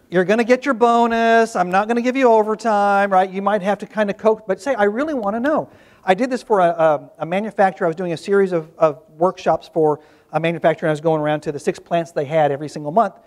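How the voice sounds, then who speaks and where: A man speaking as a workshop presenter, telling stories to an audience in a conversational way with frequent restarts. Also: sits high. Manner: conversational storytelling with restarts and asides.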